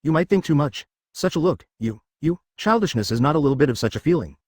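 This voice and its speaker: A man's voice: fairly high pitch, expressive, quick pace, a little mellow, dry recording, studio quality. A man voicing an aloof, arrogant young martial master who talks in a curt, dismissive way.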